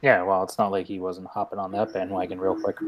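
A man's voice: deep voice, flat delivery, fast talker, highs cut off. A man in a casual book discussion, tossing in dry, joking asides.

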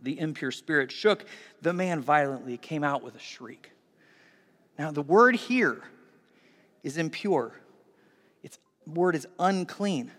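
A man in his forties preaching a sermon as pastor, animated, swinging between hushed and loud. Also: a little high, slow pace, pauses often. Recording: long hall reverb.

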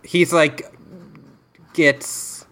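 A man co-hosting a podcast, chatting about a TV episode and mimicking the characters. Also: extremely slow. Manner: relaxed, mimics characters in quoted asides. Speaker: podcast co-host. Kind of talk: casual chat recapping an episode.

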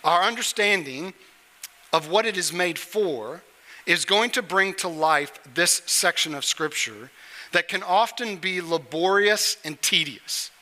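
A man's voice: high voice, unhurried, bright, forceful tone, big-room sound. A middle-aged man preaching a sermon from a church stage, talking conversationally and joking with the congregation. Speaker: pastor.

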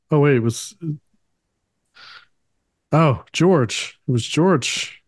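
A man's voice: on the high side, extremely slow, no room sound. A man co-hosting a podcast, laid back, with short teasing remarks. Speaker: podcast co-host. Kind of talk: casual chat.

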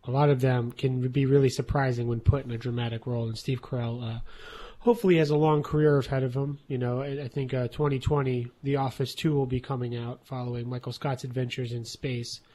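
A man co-hosting a casual podcast, cracking dry jokes and pausing often with "uh". His voice sits at a middle pitch and stays conversational. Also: level tone, warm tone. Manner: joking, hesitant with many uhs. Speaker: podcast co-host. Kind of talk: casual chat.

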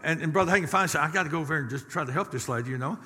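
A middle-aged pastor with a drawl preaches in a bright, forceful voice, swinging from easy folksy asides to sudden loud rises. His sermon rings out with a long reverb through a church hall. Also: fairly high pitch, very fast.

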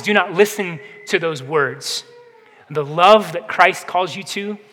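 High-voiced, bright-toned preacher in a reverberant hall. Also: male voice. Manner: impassioned preaching, rhetorical questions, dips to soft intensity. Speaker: pastor. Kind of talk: sermon.

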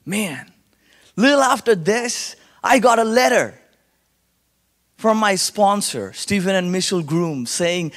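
A young man from India with an Indian accent, sharing his testimony to a church congregation as an animated storyteller who acts out the voices of people he quotes. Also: sits high, measured pace. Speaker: guest speaker sharing testimony. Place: church sanctuary. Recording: long hall reverb.

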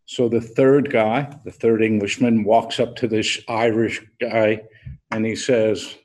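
A man preaching a sermon as an unhurried storyteller, pausing deliberately as he leads into his point. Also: fairly low pitch, level tone, darkish tone. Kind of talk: sermon with a told joke.

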